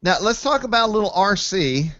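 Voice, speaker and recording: A man hosting a casual online hangout, telling stories with lively jumps in pitch when he quotes people. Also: brisk, no echo, highs cut off. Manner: animated storyteller, jumps to high pitch when quoting people. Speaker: host, site admin. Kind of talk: casual chat, storytelling.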